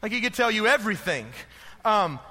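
A man's voice: high-pitched, sing-song, fairly quick, sharp tone. A man preaching a sermon, reading scripture and then explaining it in a casual, conversational way with filler words, in a church sanctuary. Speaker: pastor. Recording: long hall reverb.

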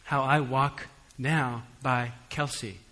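Guy preaching, bright tone, chatty and jokey then suddenly loud and punchy, long hall echo. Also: mid-range voice, steady tone, slow pace. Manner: conversational preaching with humorous asides; swings between soft and emphatic. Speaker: pastor. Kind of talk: sermon.

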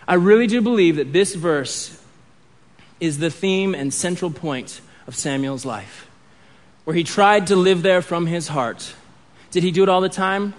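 A man's voice: high voice, measured pace. A man in his thirties preaching a sermon in a conversational way, with restarts and asides. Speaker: pastor.

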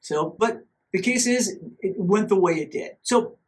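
Man, podcast host, high-pitched voice, casual storytelling, self-mocking, animated. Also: a little slow. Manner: animated, self-mocking, acts out his own inner voice.

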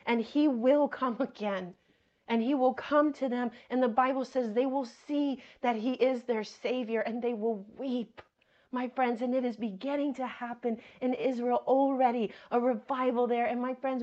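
A woman's voice: high-pitched, darkish tone, muffled recording. A woman preaching a sermon, reading scripture aloud and explaining it earnestly, repeating key phrases and addressing her listeners as friends.

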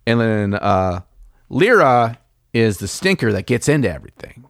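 A man's voice: fairly low pitch, lively intonation, brisk, no echo, clean studio sound. A man chatting casually on a podcast, telling rambling stories with plenty of swearing and filler words. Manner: rambling, profane, laid-back storyteller. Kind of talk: casual chat.

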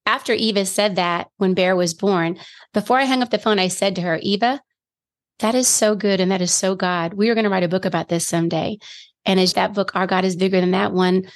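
A woman's voice: medium pitch, steady tone, fairly quick. A middle-aged woman, a grandmother, giving an earnest personal testimony as a guest in a faith interview, emphatic at key phrases.

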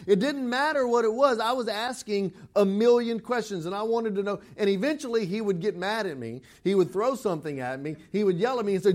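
A man's voice: sits high, fairly quick, hardly any pauses, a little mellow. A middle-aged man preaching a sermon, conversational and rising to emphatic quotes of scripture. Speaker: pastor.

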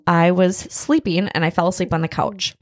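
A woman telling a story in casual chat, animated and blunt, laughing often. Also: fairly low pitch, moderate pace, no echo, clean studio sound.

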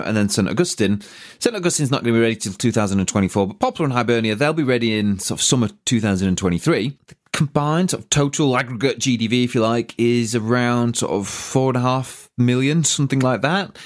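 A British man with a husky voice hosting a podcast, giving a relaxed, rambling business update full of "sort of" fillers. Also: medium pitch. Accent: British English. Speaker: podcast host, property business owner. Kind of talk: casual business update monologue.

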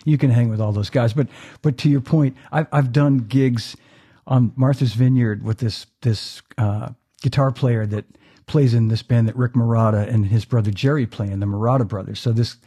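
Male podcast host, mellow husky tone, eager chatty manner. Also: medium pitch, steady tone, moderate pace. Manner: enthusiastic, chuckling, restarts phrases. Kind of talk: casual interview chat.

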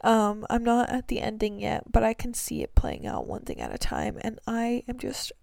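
A woman's voice: on the high side, huge pitch swings, normal speed, vocal fry, darkish tone, no room sound. A young woman hosting her own podcast, talking casually and earnestly about faith and a coming business launch, rambling with many fillers and restarts. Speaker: podcast host.

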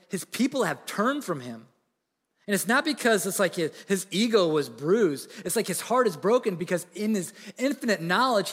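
High-voiced preaching man in a reverberant hall. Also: a bit bright, breathy edge. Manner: earnest, conversational preaching with frequent restarts. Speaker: pastor. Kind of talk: sermon. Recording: long reverb of a large hall.

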